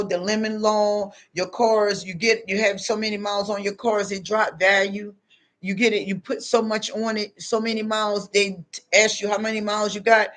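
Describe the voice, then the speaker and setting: Speaking straight to the listener, this woman has a slightly bright, mid-range voice. Her off-the-cuff spiritual advice is confrontational and blunt, heavy on street slang and sprinkled with phrases like "you know what I'm saying."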